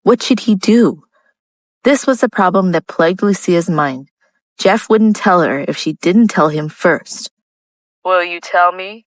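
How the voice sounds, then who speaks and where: A woman narrating a romance audiobook in a steady, even reading style. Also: lowish voice, measured pace, dry recording, rough recording. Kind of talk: scripted narration.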